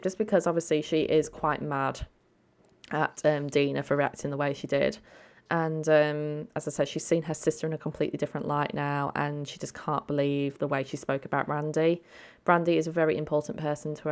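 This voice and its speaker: A woman hosting a let's play, giving casual, chatty game commentary and talking to her viewers. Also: low voice. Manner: chatty, many ums and asides to viewers.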